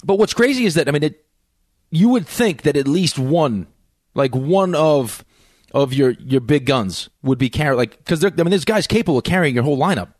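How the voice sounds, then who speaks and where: A man co-hosting a sports talk radio show, talking quickly with frequent restarts and a teasing edge. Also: a little high, expressive, darkish tone, no room sound, studio quality. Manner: rapid, restarts and stumbles, teasing.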